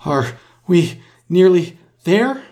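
A man's voice: mid-range voice, very animated, normal speed. A man voicing a curious, polite young girl who talks eagerly and a little breathlessly in a storybook reading. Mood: puzzled.

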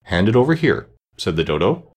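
A man's voice: fairly low pitch, big pitch swings, a little fast, slightly rough. A man voicing a grave, pompous dodo bird in a storybook reading, speaking solemnly.

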